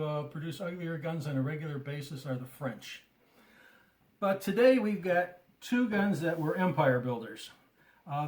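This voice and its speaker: An older gunsmith explains in a relaxed, wandering way, full of fillers. His voice is a little higher than most men's. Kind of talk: casual explanatory tutorial.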